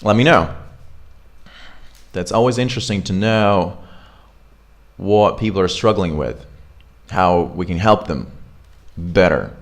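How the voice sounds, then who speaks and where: Slow-talking male pronunciation teacher. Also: low-pitched. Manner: relaxed, repeats example words slowly with fillers and small laughs. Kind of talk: online accent lesson.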